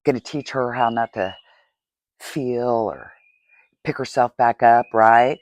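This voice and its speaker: In a bass voice, slow-paced and pausing often, a woman podcast host speaks candidly in a confessional monologue. She grows tearful and frequently asks a rhetorical "right?" There is no room sound in the recording.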